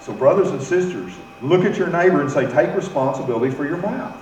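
High-voiced preaching man in echoey church. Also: animated, brisk, darkish tone, dull audio, slight background noise. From United States. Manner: preaching, calls congregation to repeat phrases. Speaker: pastor. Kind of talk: sermon. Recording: echoey room, mic from far off.

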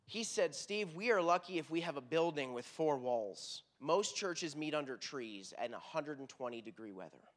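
A man's voice: on the high side, expressive, moderate pace, few pauses. A middle-aged man with a Texan accent, a worship pastor preaching a sermon in a conversational, earnest, storytelling way.

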